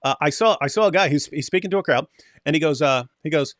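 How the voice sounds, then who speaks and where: Male co-host with a higher pitch, animated, quick to mimic others, dry recording. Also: no echo. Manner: animated, acts out quoted voices, frequent restarts. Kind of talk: casual panel discussion.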